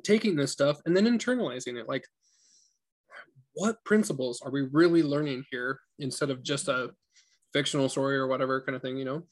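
A man's voice: medium pitch, brisk. A young man in a casual book group discussion, chatty and laughing often, with many fillers. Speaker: book group member and audiobook reader.

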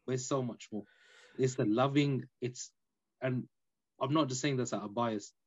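Animated man, slightly dull audio. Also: medium pitch, moderate pace, slightly rough. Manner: animated, emphatic, peppered with "innit" and "you know". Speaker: podcast guest. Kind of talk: casual storytelling chat.

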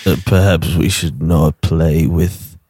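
A game master voicing a formal, cautious male adventurer who speaks slowly and stiffly in a tabletop game. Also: very deep voice, steady tone, dark tone, breathy edge, dry recording, studio quality, full character voice. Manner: slow and stiffly proper.

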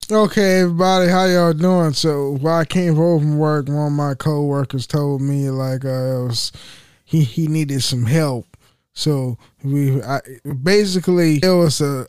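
A young man rants on his podcast about a workplace argument. He talks in a high, smooth voice, cursing freely and replaying both sides of the exchange. The sound is close and dry, with no room around it. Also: a little mellow, dry recording. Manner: rambling, profane, restarts and retells arguments in quotes. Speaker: podcast host. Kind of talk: casual solo venting monologue. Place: at home.

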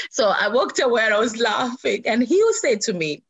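A woman's voice: a little high, measured pace, husky. A woman in her thirties telling a personal story, acting out the voices of the people in it. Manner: animated, acts out quoted voices.

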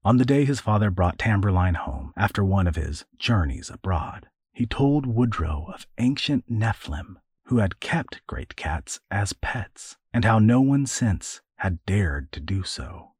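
Deep, husky male audiobook narrator. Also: sing-song, unhurried, hardly any pauses, darkish tone, no echo, clean studio sound.

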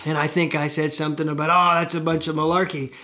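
A middle-aged man from the United States talks straight to the camera in a loose, wandering way, full of fillers and side stories. His voice sits slightly higher than most men's, and he pokes fun at himself as he goes. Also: little pitch movement, fast, pushed and bright. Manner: chatty, self-deprecating, digressive with many fillers. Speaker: show host and musician. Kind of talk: rambling casual storytelling to camera.

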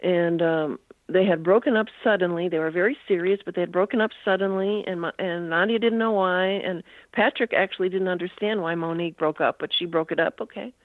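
A woman's voice: on the low side, brisk, no room sound. Older woman, guest author, rambling storyteller, tinny phone line, dry sound. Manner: rambling, full of "you know" asides.

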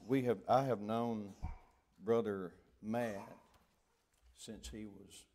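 A man's voice: fairly low pitch, fairly even intonation, slow pace, dark tone. An older man with a Southern Alabama accent, a visiting preacher telling folksy, joking stories from the pulpit on a church microphone. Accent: Southern US, Deep South Alabama. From southern United States. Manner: joking, storytelling, drawling. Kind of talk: folksy sermon introduction. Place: church sanctuary.

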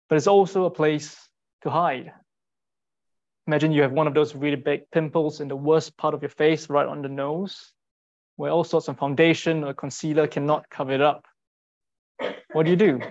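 A man giving a sermon in an earnest, rhetorical way, repeating short phrases and pausing for weight. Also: a little high, muffled recording. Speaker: speaker giving a Bible talk.

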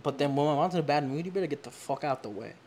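Young woman guest, casual profane storyteller, animated quotes. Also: low voice, rapid-fire, a little hiss or hum. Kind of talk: casual chat.

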